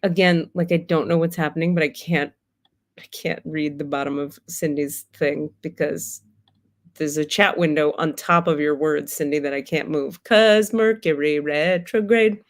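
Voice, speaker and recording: Candid, animated woman hosting a livestream. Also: deep voice, moderate pace. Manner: candid, animated, swears freely, laughs often. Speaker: spiritual teacher hosting a livestream. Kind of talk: casual livestream talk.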